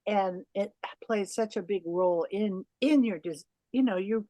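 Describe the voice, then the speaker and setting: A woman hosts a podcast and asks her guest long, rambling questions, restarting often with fillers. Her voice is mid-pitched and sounds dry and close, with no room around it. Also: unhurried, warm tone, dry recording. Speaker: podcast host. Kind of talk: interview questions.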